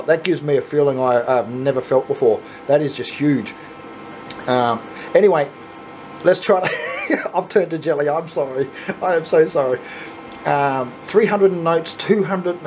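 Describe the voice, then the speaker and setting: Excitable Australian man, casual vlog. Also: a little high, slight background noise, poor audio. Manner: excitable, laughing, swears casually. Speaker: channel host. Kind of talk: casual video chat to viewers.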